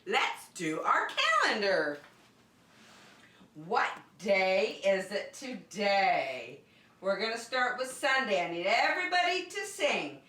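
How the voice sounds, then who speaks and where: A woman's voice: medium pitch, very animated, slow, bright, forceful tone, recorded from a distance. A woman leading an online circle time for young children from her home, in cheerful, sing-song teacher talk. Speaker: preschool teacher. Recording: echoey room, voice off-mic.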